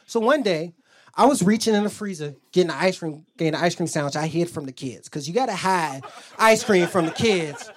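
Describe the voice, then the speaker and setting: Stand-up comic, male, profane and brash, lively pitch, live club mic. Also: brisk. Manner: brash, profane storytelling with loud character bits. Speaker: stand-up comedian. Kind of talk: stand-up comedy set. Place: comedy club stage.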